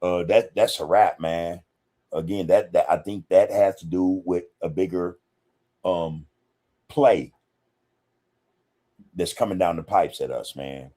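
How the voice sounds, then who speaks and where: Taking it slowly and pausing often, a podcast host speaks in a deep, mellow voice during a casual livestream. Slangy and relaxed, he greets viewers directly, reads their comments, and drops "man" and "you know" into almost every sentence.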